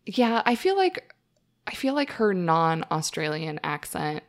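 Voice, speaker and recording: A woman's voice: on the low side, sing-song, a little slow. A woman guesting on a podcast in casual movie chat, dry and wry, laughing often.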